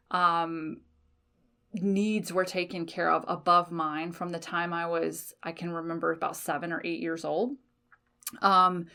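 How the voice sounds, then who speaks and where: A woman in her forties from the United States, hosting a podcast alone and talking candidly, swearing freely and laughing often. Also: medium pitch. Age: 40s. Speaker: podcast host. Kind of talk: casual solo podcast monologue.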